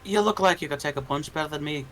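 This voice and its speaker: A player in a tabletop game talking smoothly and persuasively. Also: medium pitch, fast talker, a bit bright, soft background music. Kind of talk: casual tabletop chat.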